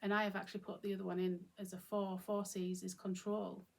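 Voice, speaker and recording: Speaking a little fast in a mid-range, darkish voice with vocal fry and a level tone, this woman hosts her own channel. Her solo talk to camera is reflective and informal, peppered with fillers and restarts.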